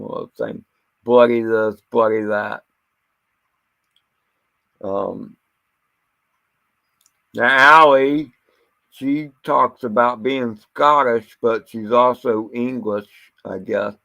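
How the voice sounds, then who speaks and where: A man with a gravelly, creaky voice rambles through an unscripted monologue. He talks bluntly and swears freely, and he keeps stumbling over and repeating words as he goes. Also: medium pitch, takes it slowly, long pauses, pushed and bright, lo-fi sound.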